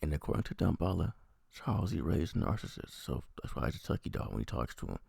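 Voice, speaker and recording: A man's voice: a bass voice, sing-song, quick pace, creaky, a little mellow, slightly rough, dry recording, studio quality. A man giving a rambling, profane, casual recap and review of a TV episode. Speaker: TV review vlogger.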